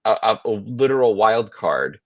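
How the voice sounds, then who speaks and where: A man co-hosting a podcast in casual chat, rambling and animated, often restarting sentences and swearing. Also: on the low side, normal speed, no room sound, muffled recording. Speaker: podcast co-host.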